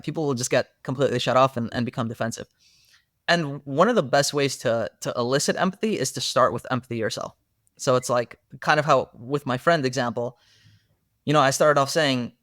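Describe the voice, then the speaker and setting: A man's voice: medium pitch, animated, a little fast, fairly bright tone, dry recording, clean studio sound. A young man in a casual podcast conversation, telling stories earnestly and animatedly, with many fillers. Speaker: therapist guest.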